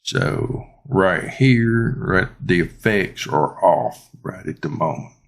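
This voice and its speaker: A man with a drawl talks through a product review in a deep, gravelly voice with a husky edge. He takes his time, wandering through his points with plenty of ums and uhs. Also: lively intonation. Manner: rambling and unhurried, many ums and uhs. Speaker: YouTuber reviewing his microphone. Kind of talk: casual unboxing and product review.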